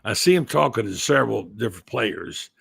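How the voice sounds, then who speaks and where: An older man hosting a sports talk show, chatting casually and telling folksy stories in drawn-out phrases. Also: fairly low pitch, lively intonation, vocal fry, a bit bright, husky, dry recording. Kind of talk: casual chat.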